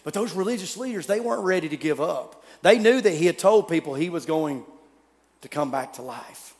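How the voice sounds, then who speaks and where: Male pastor, high voice, dramatic storytelling sermon, long hall reverb. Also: lively intonation, brisk. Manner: dramatic storytelling, swinging from loud to hushed.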